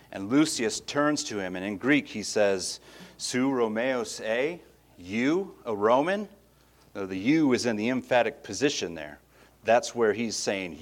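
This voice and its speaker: A man with a fairly low voice walks through a Bible passage like a casual study session. He talks conversationally, restarting phrases and tossing in little asides as he explains. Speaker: Bible teacher.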